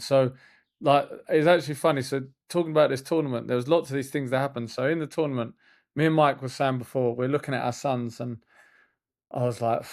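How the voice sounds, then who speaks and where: A man, hosting a casual podcast and telling stories in a rambling, animated way with frequent restarts. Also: mid-range voice, a little fast. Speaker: podcast host and youth football coach.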